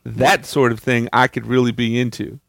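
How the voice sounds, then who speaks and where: A man's voice: mid-range voice, flat delivery, moderate pace, gravelly, fairly bright tone, no room sound, clean studio sound. A man co-hosting a podcast, chatting casually with a wry, joking manner. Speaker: podcast co-host. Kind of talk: casual chat.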